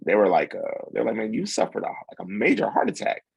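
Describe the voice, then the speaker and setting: A man in his forties tells his story in a gravelly, husky low voice, close and dry. He acts out the nurses, the doctor and his friend with easygoing street slang. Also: quick pace, no echo. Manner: animated, acts out quotes with slang. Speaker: podcast guest. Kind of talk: casual storytelling.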